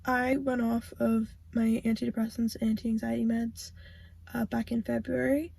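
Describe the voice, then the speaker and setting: Chatty young woman vlogger, high voice. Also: level tone, moderate pace, gravelly, breathy edge, no room sound. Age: young adult. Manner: chatty, rambling, self-correcting; soft, subdued and near tears. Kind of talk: casual vlog chat. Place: car, then outdoors at a barn.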